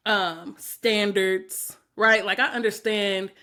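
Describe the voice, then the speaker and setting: Profane, animated woman telling a story. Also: medium pitch, slow. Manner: animated, profane, laughs often. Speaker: podcast host. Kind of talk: casual storytelling chat.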